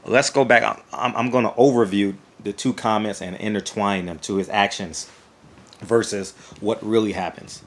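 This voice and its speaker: Male YouTube commentator, fairly low voice, animated, rambling, repeats himself. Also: moderate pace. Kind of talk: casual opinion vlog.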